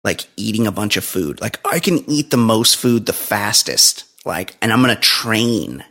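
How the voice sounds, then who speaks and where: A man's voice: lowish voice, very animated, a little slow, a bit bright. A man hosting a casual comedy podcast, joking crudely and swearing, in his morning voice. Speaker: podcast host. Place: home studio.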